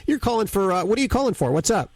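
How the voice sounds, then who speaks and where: Male host, raspy fry, animated, off-mic sound. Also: high voice, racing, distant mic, slight background noise. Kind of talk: call-in radio hosting.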